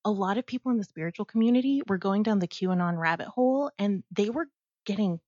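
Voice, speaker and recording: A woman's voice: medium pitch, quick pace, a little mellow, dry recording. A woman from Texas co-hosting a podcast in casual chat, chatty and giggly, full of filler words. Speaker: podcast co-host. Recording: dull, muffled audio.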